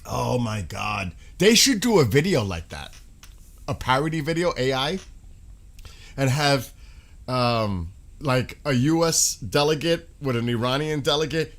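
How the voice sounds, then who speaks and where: A man's voice: on the high side, big pitch swings, takes it slowly, a bit bright. A man hosting a live stream, chatting casually with viewers, laughing often and breaking into bits of song. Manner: laughing, rambling, breaks into sung snippets. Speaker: livestream host.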